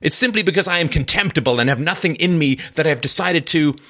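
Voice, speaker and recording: Fiery and raised well above his normal speaking pitch, this is a defiant young murderer justifying himself in bitter bursts, as a man reads him aloud. The tone is bright and forceful. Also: animated, fast. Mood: agitated, defiant. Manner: impassioned, agitated, self-justifying. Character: anguished defiant young male ex-student killer.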